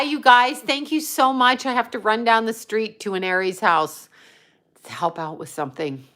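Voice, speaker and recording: A woman's voice: fairly high pitch, pushed and bright. Casual livestream host, a woman, meandering, half-finished sentences, talks straight to her viewers. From United States. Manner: rambling, trailing off, chatting to viewers and her cat.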